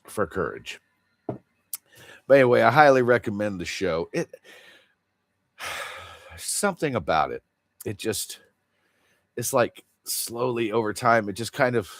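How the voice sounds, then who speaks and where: Rambling man with a lively voice. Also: on the low side, no room sound. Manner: rambling, earnest and confessional. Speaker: livestream host. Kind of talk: casual livestream chat.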